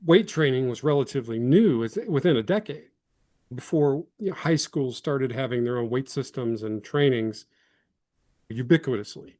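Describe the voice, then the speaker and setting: A former lineman in his fifties, originally from Illinois, rambles through his stories with easy self-deprecation. His voice sits at an ordinary male pitch and comes across dry and close, with no room around it. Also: normal speed, a little mellow, no echo. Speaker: guest, former college football lineman. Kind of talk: casual interview storytelling.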